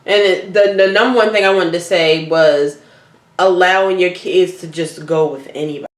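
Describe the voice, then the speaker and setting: A woman hosting a casual chat show, talking bluntly and profanely with animated storytelling. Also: lowish voice, normal speed. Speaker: podcast host. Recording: roomy echoey room.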